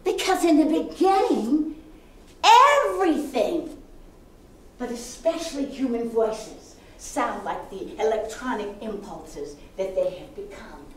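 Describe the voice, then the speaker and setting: A woman performing a solo storytelling piece on stage, animated and expressive, sometimes dropping to a hush. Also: fairly high pitch, takes it slowly, slight background noise. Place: theater stage. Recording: echoey hall from a distance.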